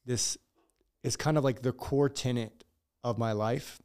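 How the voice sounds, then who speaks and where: A man's voice: medium pitch, steady tone, a little slow, a little mellow, smooth. A man who is a gym owner, speaking as a podcast guest, earnest and reflective in casual chat.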